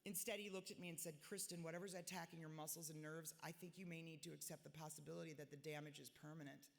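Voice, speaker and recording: This gala speaker is a woman in her forties with a low, steady voice, vocal fry, and a fast delivery. She reads a personal, diary-like speech in a bluntly self-mocking way, her words echoing long through a big hotel ballroom.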